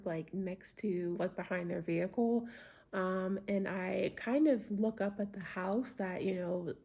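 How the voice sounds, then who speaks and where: A woman's voice: mid-range voice, creaky, dark tone. A young adult woman vlogger telling a casual storytime, chatty with lots of fillers. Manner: chatty, many fillers, embarrassed retelling.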